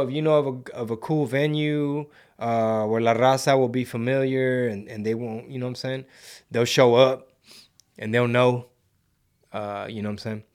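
A man hosting a casual livestream, rambling in slang and slipping into Spanish while reading the chat. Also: medium pitch. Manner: laid-back slangy rambling, mixes in Spanish. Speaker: podcast host reading live chat.

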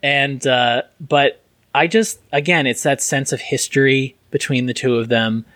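A man's voice: medium pitch, steady tone, unhurried, a bit bright, no room sound. Enthusiastic man praising a film, dry sound. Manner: enthusiastic, rambling, many restarts. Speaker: podcast co-host. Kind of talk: casual film podcast discussion.

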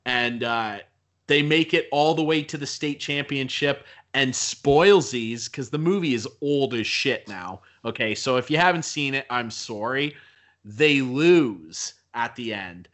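A man co-hosting a casual chat, animated and jokey, poking fun at himself. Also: mid-range voice, moderate pace. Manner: animated, jokey, self-deprecating. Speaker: co-host.

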